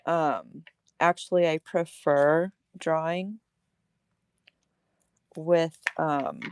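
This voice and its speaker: A woman's voice: sits low, steady tone, very slow, slight background noise. A woman hosting a casual livestream craft demo at her table, chatty and laughing at herself.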